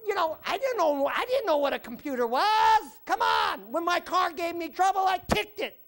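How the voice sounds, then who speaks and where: A man preaching a sermon, animated, shouting out repeated phrases and prodding the congregation with "huh?". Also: extremely high pitch, moderate pace.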